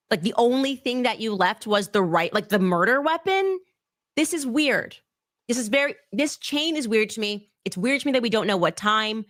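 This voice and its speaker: A woman commentator reading messages aloud and puzzling over them, thinking out loud with frequent restarts. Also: fairly high pitch, no room sound, studio quality.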